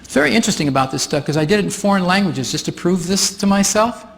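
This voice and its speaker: A man's voice: sits high, animated, fast talker, creaky, fairly bright tone. A man leading a live workshop demonstration on stage, explaining each step in a chatty way and often laughing. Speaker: workshop facilitator. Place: stage before an audience.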